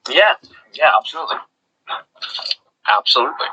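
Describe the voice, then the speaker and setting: A man's voice: a little high, sing-song, moderate pace, pushed and bright, breathy edge, muffled recording. A young man co-hosting a casual podcast, talking enthusiastically and rambling with lots of fillers. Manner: enthusiastic, rambling, lots of fillers like "do you know what I mean". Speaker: podcast co-host.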